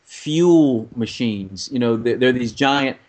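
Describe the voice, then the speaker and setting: A man's voice: medium pitch, animated, takes it slowly, a little mellow. A man co-hosting a casual film chat, giving long rambling explanations of a movie's story.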